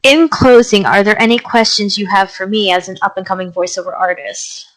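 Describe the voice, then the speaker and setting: A woman hosting an interview, asking questions and affirming her guest warmly. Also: medium pitch, fairly even intonation, fairly quick, low-quality recording. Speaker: interview host.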